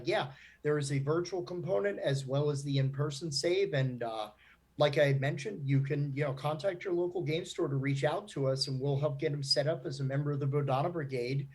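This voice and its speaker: A man's voice: fairly high pitch, darkish tone. A man who founded a nonprofit, answering panel questions in a chatty way with lots of fillers. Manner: chatty, laughs often, many fillers.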